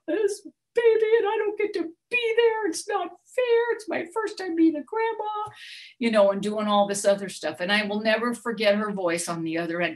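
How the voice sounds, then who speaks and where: A middle-aged woman telling a candid personal recovery story, acting out her own outbursts as she goes. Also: lowish voice. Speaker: workshop speaker sharing her story.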